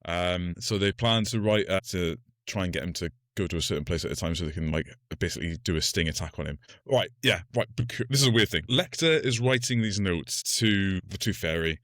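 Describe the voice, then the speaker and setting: A man's voice: low-pitched, expressive, fairly quick, few pauses, fairly bright tone, no room sound, clean studio sound. A man co-hosting a casual film podcast, recapping the plot loosely with lots of "like" and fillers. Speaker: podcast co-host.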